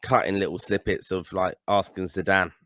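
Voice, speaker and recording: A man's voice: low-pitched, flat delivery, normal speed, a bit bright, no echo. An Irish man co-hosting a podcast, chatting casually about football with emphatic, blunt opinions. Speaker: podcast co-host.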